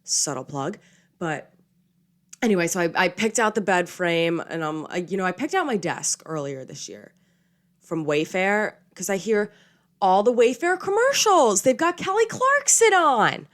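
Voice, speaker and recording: A woman's voice: medium pitch, big pitch swings, measured pace, fairly bright tone. A young woman in her twenties hosting a podcast, chatting casually and poking fun at herself, a little under the weather with a slight cold. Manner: chatty, self-mocking, lots of "okay?" and "like". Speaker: podcast host. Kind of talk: casual chat.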